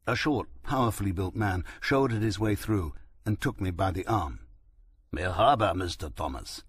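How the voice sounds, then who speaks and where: Low husky male audiobook narrator. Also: moderate pace, no echo. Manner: steady, reflective storytelling. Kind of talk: first-person audiobook narration.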